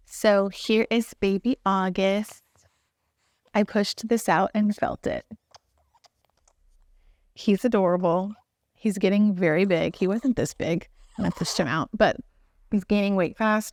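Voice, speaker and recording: A woman's voice: lowish voice, darkish tone, clear, resonant tone, no room sound, studio quality. A young woman with a Texan accent telling her own story in a casual, earnest, chatty way with fillers. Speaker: new mother telling her birth story.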